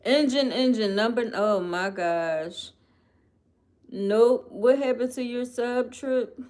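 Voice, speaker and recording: Woman, Philadelphia accent, unhurried, chatty, expressive, reading viewer comments live. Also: on the high side. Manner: chatty, expressive, addresses viewers as "y'all" and "girl". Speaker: livestream host.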